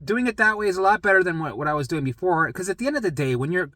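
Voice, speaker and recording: A man's voice: high-pitched, animated, rapid-fire, pushed and bright, dry recording. A middle-aged man in a casual vlog monologue, talking bluntly with plenty of swearing and acting out old arguments. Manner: blunt and profane, acts out past arguments. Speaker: vlogger.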